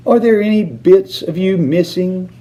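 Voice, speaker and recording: A man voicing a frantic, fussing mother with high, wailing anxious cries in a storybook reading. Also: a little slow, mellow.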